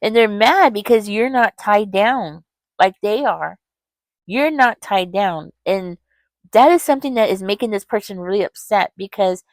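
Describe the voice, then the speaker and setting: A woman's voice: medium pitch, lively intonation, a little slow, no echo. A woman giving a casual tarot reading, talking straight to the viewer in a rambling way, with many fillers and restarts. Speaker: tarot reader.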